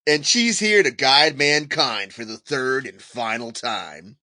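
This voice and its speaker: A man co-hosting a podcast with a lively, swooping delivery and a bright, forward tone. He reads out odd facts in a playful, joking way, and his voice sounds close and dry. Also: mid-range voice, slow, dry recording. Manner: playful, jokey, breaks into sung lines. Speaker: podcast co-host. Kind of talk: casual podcast banter.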